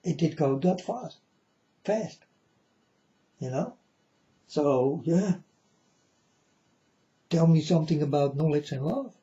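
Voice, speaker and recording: A man's voice: fairly high pitch, animated, mellow. A man speaking to his viewers in a casual spiritual monologue, repeating himself and often checking whether the listener understands. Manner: slow, repetitive, keeps asking the listener "you understand?". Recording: dull lo-fi recording.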